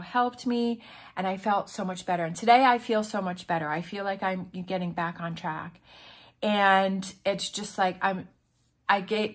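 A woman giving a casual tarot reading, talking in an earnest, encouraging way with many restarts and fillers, and sounding emotional. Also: medium pitch. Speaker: tarot reader.

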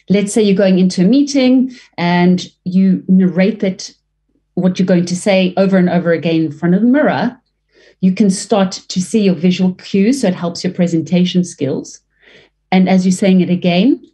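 A woman working as a leadership trainer and voice coach, giving expressive interview answers with some restarts and fillers. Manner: expressive, varies pitch and pace to demonstrate; fluent with frequent restarts.

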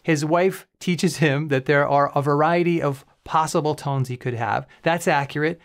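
Teacher-like male host, clear and calm, slightly higher voice. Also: moderate pace. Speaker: communication coach and professor. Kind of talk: educational reaction commentary.

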